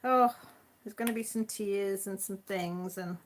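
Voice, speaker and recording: A woman's voice: medium pitch, unhurried, a little hiss or hum. A woman hosting a live chat stream, chatting casually and rambling with many restarts, sounding tired.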